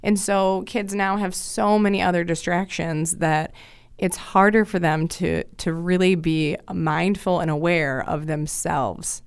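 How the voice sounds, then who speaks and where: Low, gravelly-voiced woman counselor. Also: fairly even intonation, a little slow, dry recording. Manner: chatty, explains with everyday examples. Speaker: child and adolescent counselor. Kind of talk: casual podcast interview.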